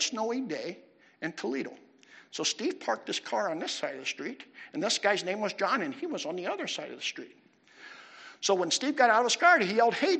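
A man preaching a sermon with animated delivery, putting questions to his listeners. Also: sits high, vocal fry, breathy edge. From United States. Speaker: pastor.

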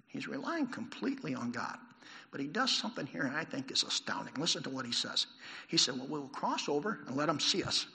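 Animated preacher man, gravelly and bright. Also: on the high side, a little fast. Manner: animated, asks the congregation questions. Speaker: pastor. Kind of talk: sermon. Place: church hall with a congregation. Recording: long hall reverb.

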